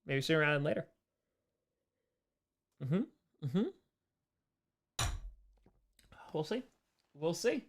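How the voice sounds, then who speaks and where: Lively, playful man chatting on stream. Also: high voice, a little slow, pauses often. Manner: playful, jokey, reads chat aloud and laughs often. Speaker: comedian streamer answering chat. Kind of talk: casual live-stream Q&A.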